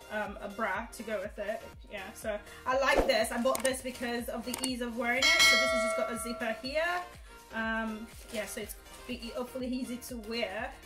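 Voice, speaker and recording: A woman's voice: on the high side, rough recording. A young woman chatting casually on camera at home, rambling and giggling through a fashion haul. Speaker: fashion vlogger. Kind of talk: casual haul video chat.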